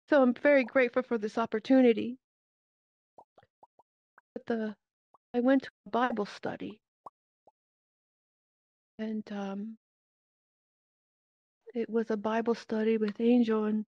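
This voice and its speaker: A woman giving a personal faith testimony in an earnest, halting way, with many pauses and fillers, speaking into a VR headset microphone. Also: a little high, darkish tone, dry recording. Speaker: church member giving a testimony. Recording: dull, dry lo-fi headset audio.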